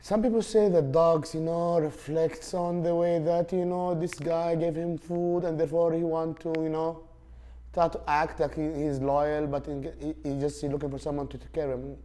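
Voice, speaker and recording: A man's voice: fairly high pitch, little pitch movement, normal speed, dark tone. Rambling man. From Saudi Arabia. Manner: rambling, with many fillers and restarts. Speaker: podcast host. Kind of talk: casual storytelling.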